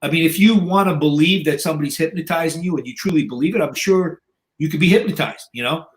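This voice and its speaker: This man in his sixties speaks with a fairly high pitch and a quick pace. He's a podcast guest telling stories casually and bluntly, with plenty of profanity, lots of "you know" fillers, and acted-out lines from other people.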